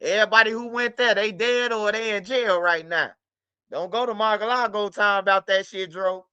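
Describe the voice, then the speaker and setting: Male stream host, high and bright, profane and repetitive; dry, slightly muffled mic. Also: normal speed, smooth, no room sound. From United States. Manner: loose, profane, repetitive street talk. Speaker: livestream host. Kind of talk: casual livestream talk.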